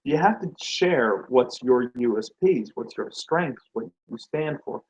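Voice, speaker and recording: A man's voice: medium pitch, expressive, a little slow, a little mellow, dull audio. A man giving a motivational talk on branding and sales, asking the listener rhetorical questions and acting out quoted reactions. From Nordic.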